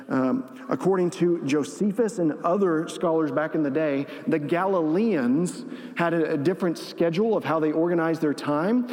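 A man preaching a sermon as pastor, animated, acting out the lines he quotes. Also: fairly high pitch. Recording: long reverb of a large hall.

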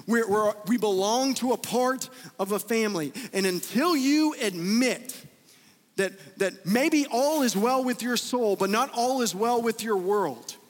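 A man preaching a sermon as pastor, impassioned, swinging between loud pleading and hushed words, often repeating himself to press a point. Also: extremely high pitch, measured pace, long reverb tail.

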